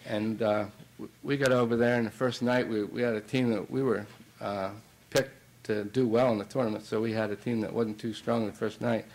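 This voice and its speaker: A man's voice: on the low side, fairly even intonation, normal speed, darkish tone, rough recording. A middle-aged man, a basketball coach, telling a long anecdote in a banquet speech, with many fillers and restarts. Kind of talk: anecdotal after-dinner speech.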